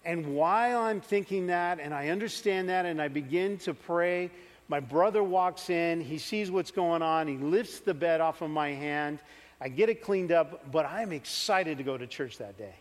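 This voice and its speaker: Animated high-voiced man preaching. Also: moderate pace. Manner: animated storytelling, acts out his younger self. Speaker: pastor. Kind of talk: sermon with personal story. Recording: church hall reverb.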